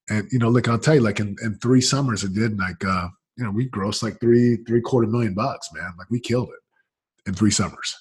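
A man, a business coach, telling his story in a casual, energetic way, full of "man" and "like", swinging between loud excitement and quiet murmurs. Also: lowish voice, brisk, breathy edge. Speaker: business coach, interview guest.

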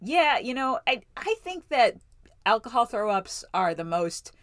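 A woman's voice: fairly high pitch, sing-song, measured pace, fairly bright tone, dry recording. A woman co-hosting a podcast in casual chat, rambling and hesitant, laughing easily. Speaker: podcast co-host.

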